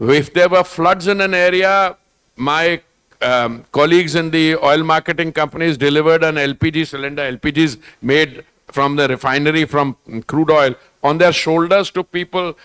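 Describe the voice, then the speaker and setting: Older indian english guy rambling about at a panel, slips into hindi, voice a bit high, dry close sound. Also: steady tone, normal speed, fairly bright tone, smooth, no echo. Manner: discursive, digressive, mixes in Hindi phrases. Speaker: government minister. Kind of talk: panel conversation at a literature festival.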